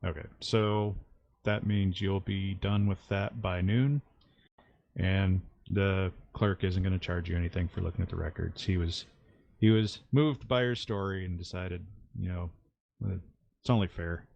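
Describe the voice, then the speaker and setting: A man runs a tabletop role-playing session, narrating in a low, gravelly voice full of hesitant uhs. His voice sounds dry and a little dull, as if recorded on a modest mic. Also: steady tone, dry recording. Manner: halting, with many uhs. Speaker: game master.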